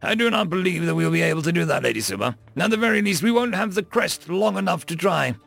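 A man's voice: high-pitched, animated, fast talker, creaky, fairly bright tone, no echo, faint music behind, voice pushed up, heavily acted. A man voicing a formal, stern male winged guardian who addresses others by title.

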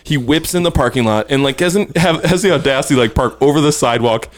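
A man telling a rambling story in casual conversation, laughing between lines at a middle pitch. His voice sits in an ordinary range. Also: fast. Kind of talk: casual chat, telling an anecdote.

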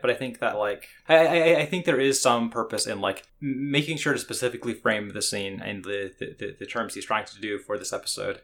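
A man's voice: medium pitch, gravelly, a bit bright. A man co-hosting an anime podcast, talking casually in a rambling way with lots of restarts and fillers. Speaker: podcast co-host.

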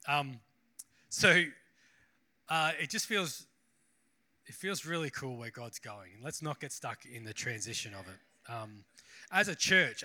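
A man's voice: mid-range voice, bright, forceful tone. A man preaching a casual sermon as a pastor, chatty and rambling, with self-deprecating asides.

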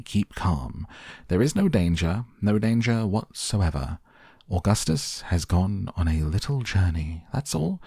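A man's voice: lowish voice, creaky, mellow, breathy edge, no room sound, clean studio sound, pitched above the performer's own voice, full character voice. A man voicing a giggling, eccentric chocolate maker with an airy, soothing manner.

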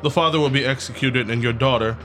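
A man's voice: medium pitch, fast, a bit bright, soft background music. A man playing a tabletop game, speaking in character in a cold, formal, authoritative way. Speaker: player. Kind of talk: in-character tabletop role-play.

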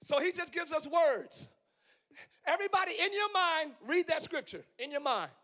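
A man in his forties preaching with a strikingly high voice, hoarse from use. He drifts between hushed, thoughtful asides and loud, yelled exhortation, the way a pastor works a live congregation. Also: expressive, moderate pace. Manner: swings from quiet musing to yelling. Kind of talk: live sermon. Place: church sanctuary.

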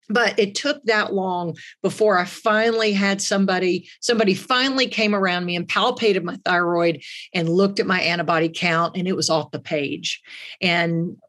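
Energetic middle-aged woman guest. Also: medium pitch. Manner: energetic, expressive storyteller. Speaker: guest, radio and TV journalist. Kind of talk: casual interview chat.

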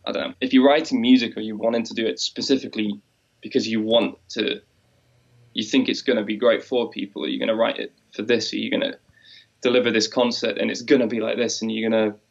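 A man's voice: on the low side, flat delivery, fast talker, vocal fry, dull audio. A man chatting casually about making music, rambling and reflective, sometimes acting out quoted voices. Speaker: musician co-host. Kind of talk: casual chat.

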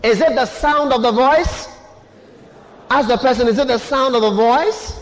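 High-voiced preaching man in echoing hall. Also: moderate pace, a little hiss or hum. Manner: preaching with call-and-response questions to the congregation. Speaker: pastor. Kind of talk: sermon. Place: church hall. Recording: long echo of a large hall.

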